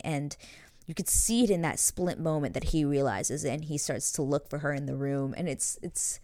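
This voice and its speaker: A woman's voice: low voice, moderate pace, mellow, no room sound, studio quality. A young woman hosting a casual episode recap, chatty and full of "like" and little laughs. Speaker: show host.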